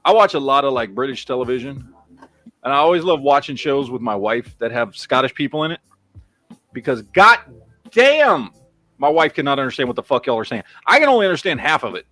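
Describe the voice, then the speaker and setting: A man's voice: medium pitch, expressive, quick pace, fairly bright tone, soft background music. A middle-aged man with a Texan accent hosting a casual livestream, rambling and swearing as he reads out viewer names. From Texas. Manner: rambling, profane, reads chat names aloud. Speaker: livestream host.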